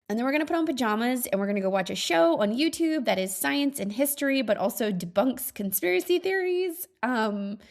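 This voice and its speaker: A woman in her thirties hosting a podcast alone, talking in a chatty, earnest way with many fillers and frequent small laughs. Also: sits high. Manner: reflective, earnest. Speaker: podcast host. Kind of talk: casual solo monologue.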